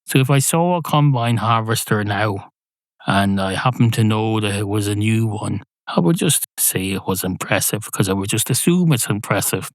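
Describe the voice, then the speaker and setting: A man hosting a podcast, musing in a rambling, deadpan comic monologue. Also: on the low side, moderate pace, no echo. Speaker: podcast host.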